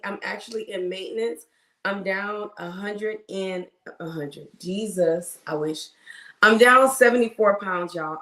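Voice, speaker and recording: A woman's voice: mid-range voice, a bit bright. A woman hosting a casual livestream as a nurse, chatting and greeting viewers by name, with a cough. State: has a cough. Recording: roomy echo.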